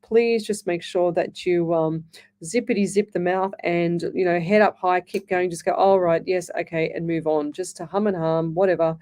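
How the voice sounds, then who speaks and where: A woman's voice: lowish voice, steady tone, normal speed, warm tone. A woman hosting a live radio show as a psychic medium, chatting reassuringly, calling listeners "lovey" and reading out their comments. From Australia. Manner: reads listener comments aloud.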